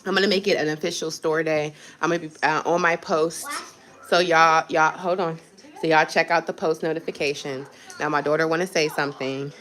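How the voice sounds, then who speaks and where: A woman's voice: low-pitched, fairly even intonation, fairly quick, fairly bright tone. A young woman hosting a casual livestream, talking bluntly and sarcastically with plenty of profanity about her daily frustrations. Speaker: livestream host.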